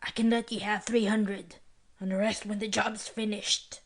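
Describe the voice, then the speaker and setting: A woman reading an audiobook, voicing a snarling, rough young man who does odd jobs. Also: medium pitch, level tone, normal speed, natural voice. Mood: bargaining. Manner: snarling, sneering.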